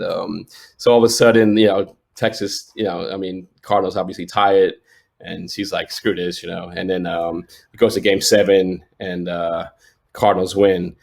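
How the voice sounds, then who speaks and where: Low-voiced man rambling through a story. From New York. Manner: rambling, many restarts and fillers, laughs often. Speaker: sports photojournalist guest. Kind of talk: casual interview storytelling.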